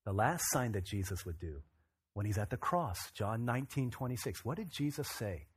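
A man preaching a sermon, moving between quiet reflection and loud, emphatic bursts. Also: lowish voice, expressive, normal speed, husky. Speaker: pastor.

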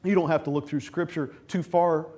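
A man preaching, his voice sitting high for a man. He tells the story with energy and slips into the voices of the people in it. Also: brisk, husky. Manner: animated preaching, acting out voices of scripture figures. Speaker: pastor. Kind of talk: sermon.

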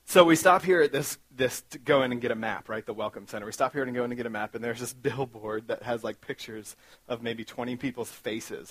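Male guest speaker, animated self-mocking storyteller, dry mid-range voice. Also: mid-range voice, fast talker, husky, no echo. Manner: animated, self-mocking, acts out his own panic. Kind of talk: storytelling sermon talk.

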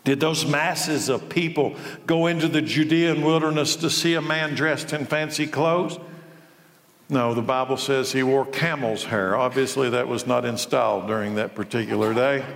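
A man's voice: mid-range voice, gravelly, in a large hall. A man preaching a sermon to a live church audience, firing off rhetorical questions and building to raised, emphatic passages. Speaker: pastor.

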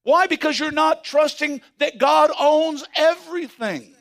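High-voiced preacher man, fervent and animated. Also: a little slow. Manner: animated preaching with sudden shouts and hushed asides. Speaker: pastor. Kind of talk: sermon.

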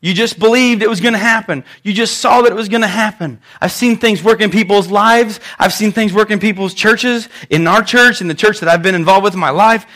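A man's voice: sits high, fairly quick, few pauses, pushed and bright. A young man, a pastor, preaching a conversational sermon in church and telling stories with animation.

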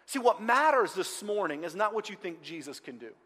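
A man preaching a sermon as pastor, moving between loud outcries and hushed, quiet passages. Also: high-pitched, sing-song, brisk, few pauses. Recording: long hall reverb.

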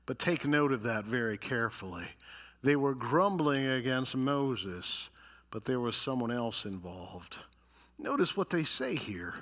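A man's voice: medium pitch, sing-song, normal speed, fairly bright tone. A male pastor preaching a sermon, acting out complaining voices and reading scripture with dramatic emphasis. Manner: dramatic, voices grumblers and reads scripture with rising intensity.

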